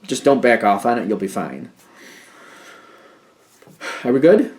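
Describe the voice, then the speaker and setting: A man's voice: medium pitch, sing-song, a little slow, darkish tone. Rambling male tarot reader. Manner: rambling, intuitive, talks in hunches and energies. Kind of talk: casual tarot reading monologue.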